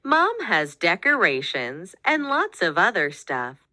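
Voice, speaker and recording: A woman voicing an earnest young girl in a storybook, with a high childlike delivery. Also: huge pitch swings, slow pace, sharp tone, no room sound, studio quality, exaggerated voice. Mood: cheerful.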